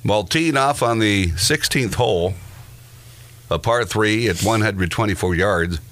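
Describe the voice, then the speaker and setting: A man with a very low voice, chatting casually as a podcast co-host. He reads out odd news stories and drops dry asides, chuckling at his own jokes. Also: unhurried, a bit bright. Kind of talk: casual chat, reading news items.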